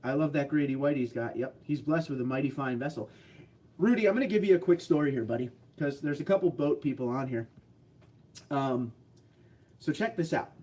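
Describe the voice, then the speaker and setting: A man's voice: mid-range voice, darkish tone. A man hosting a casual livestream, reading out chat messages in a laid-back way, tired from little sleep but upbeat and chuckling often. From New Jersey, US. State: short on sleep.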